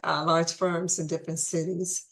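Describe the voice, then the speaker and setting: A woman's voice: on the low side, little pitch movement, moderate pace, fairly bright tone. A woman hosting a casual conversational interview, chatty and restarting her phrases, with the hiccups. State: has the hiccups.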